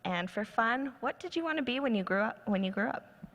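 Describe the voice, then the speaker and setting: A woman's voice: a little high, expressive, a little fast, fairly bright tone. A woman moderating a conference panel in an upbeat, welcoming way. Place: large conference hall. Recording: long hall reverb.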